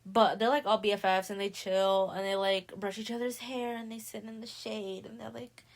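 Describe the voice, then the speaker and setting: A woman's voice: medium pitch, moderate pace. Slangy young woman gushing over a book. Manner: animated, slangy, acts out characters' lines. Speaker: podcast host. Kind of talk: casual book recap.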